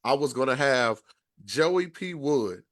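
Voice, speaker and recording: A man from Detroit hosting a podcast, hyped and slangy, giving shout-outs. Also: medium pitch, expressive, slow pace. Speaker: podcast host. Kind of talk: casual interview chat.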